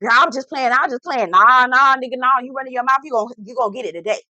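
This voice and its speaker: A woman's voice: high-pitched, quick pace, no echo, lo-fi sound. Give me a woman playing a furious sailor man, cursing up a storm, dry and close. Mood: mocking. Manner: cursing, loud street-slang tirade.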